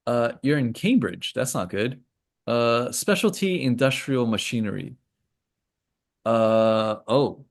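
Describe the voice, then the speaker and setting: Rambling gravelly man hosting a trading call. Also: medium pitch, lively intonation, slow. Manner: rambling, joking asides, many fillers. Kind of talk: casual screen-share commentary.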